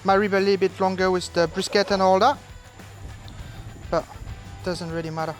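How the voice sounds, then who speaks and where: A barbecue cook hosting a casual cooking demonstration, explaining each step in a relaxed way and breaking into silly asides and sing-song exclamations. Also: medium pitch, moderate pace, soft background music. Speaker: barbecue cook and channel host. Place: outdoors at a large smoker.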